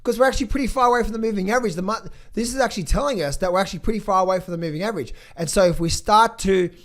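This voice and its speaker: A hoarse man in his thirties or forties, a trading coach giving blunt, emphatic motivational talk and market commentary in a vlog. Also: high voice, racing, a bit bright. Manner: emphatic, blunt, swears freely.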